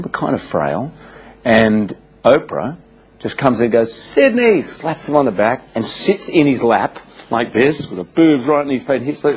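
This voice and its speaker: A man, telling animated stories in a casual interview with frequent restarts. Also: medium pitch, slightly rough, low-quality recording. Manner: animated storyteller, quick restarts. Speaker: interviewed actor.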